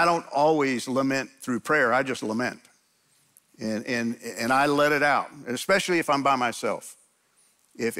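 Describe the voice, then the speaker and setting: A man's voice: on the high side, pushed and bright. A man pastor preaching a sermon in a church, conversational and emphatic, often restarting his sentences.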